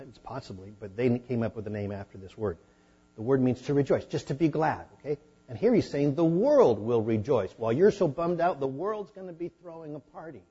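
Pastor guy teaching from the bible, husky voice, kinda muffled lo-fi recording. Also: medium pitch. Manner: conversational teaching, rising to animated emphasis. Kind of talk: sermon.

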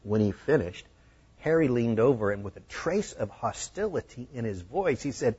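Preacher telling a sermon story, husky, muffled lo-fi recording. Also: male voice, mid-range voice, moderate pace. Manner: animated, acting out the scenes. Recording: dull lo-fi recording.

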